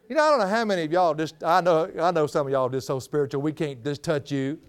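A man's voice: high voice, very animated, a little fast, clear, resonant tone. A middle-aged man with a drawl preaching a folksy storytelling sermon, often breaking into laughter.

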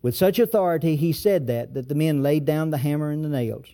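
Male pastor, sermon, emphatic, rhetorical questions, mellow tone, fairly high pitch. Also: brisk.

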